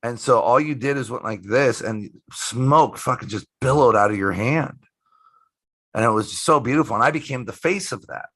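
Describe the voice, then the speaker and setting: Middle-aged man, bright and punchy, casual storyteller who swears and acts out quotes; interview guest. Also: medium pitch, moderate pace, husky. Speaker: magician guest.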